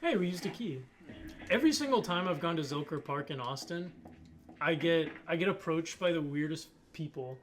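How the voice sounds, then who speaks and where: Man, casual gaming chat, wry remarks, slightly high voice. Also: animated, moderate pace, a little hiss or hum. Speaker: co-host guiding a horror game playthrough. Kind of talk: casual let's-play chat.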